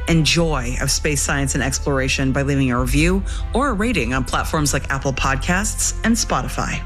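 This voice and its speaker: A woman hosting a space science podcast, enthusiastic and quick to laugh, also reading the show's outro. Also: sits low. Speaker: podcast host. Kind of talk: casual podcast chat and read outro.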